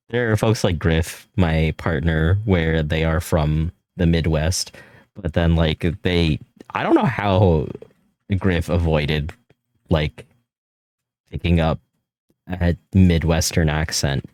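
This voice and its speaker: A man with a neutral American accent, streaming and chatting casually while drawing, rambling and swearing, laughing often and jumping up in pitch when he jokes. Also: slow, darkish tone, dry recording, studio quality. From California. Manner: rambling, loose, swears often, laughs a lot, voice jumps high when joking.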